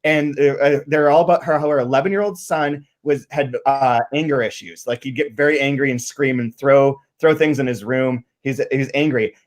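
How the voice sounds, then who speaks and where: A man from Michigan hosting a podcast, chatting casually and animatedly about a book, swearing freely and restarting his sentences. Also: a little high. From Michigan, USA. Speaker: podcast host.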